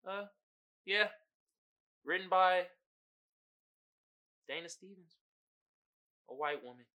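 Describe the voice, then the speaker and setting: A man hosting a podcast in a casual, comedic commentary style. He swears freely, laughs often, and swings from low mumbling to loud outbursts. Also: slow pace. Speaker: podcast host.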